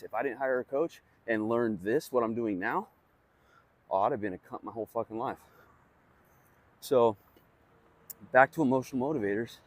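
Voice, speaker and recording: Young man, low voice, blunt and profane, casual self-help talk, lots of fillers. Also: no room sound. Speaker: vlogger sharing personal growth.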